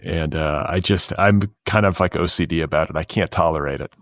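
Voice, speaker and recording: A man hosting a pop culture podcast, chatting casually and reading ads in a dry, deadpan way. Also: sits low, brisk, no echo. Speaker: podcast host.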